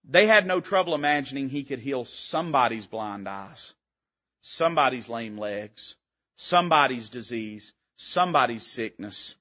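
A man's voice: medium pitch, animated, moderate pace, sharp tone, dull audio. A man preaching a sermon from the pulpit, speaking in an emphatic, rising-and-falling preaching cadence. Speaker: pastor. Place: church sanctuary.

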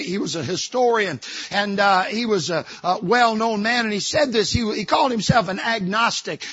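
A man preaching a sermon from a church pulpit. He swings between shouting and hushed, soft passages. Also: high voice, slightly rough, no room sound, highs cut off. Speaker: pastor.

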